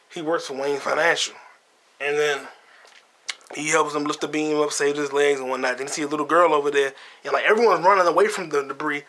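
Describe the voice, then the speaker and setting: A man's voice: a little high, sharp tone. A man hosting a podcast, retelling a film in a rambling, profane, slang-heavy casual chat. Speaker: podcast host. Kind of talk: casual movie review chat.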